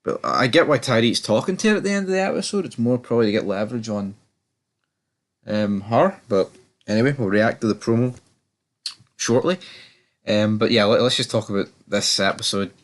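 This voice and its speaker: A man's voice: fairly low pitch, a little fast. A man giving a casual, rambling review of a TV episode, often stammering and repeating words. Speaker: TV show reviewer.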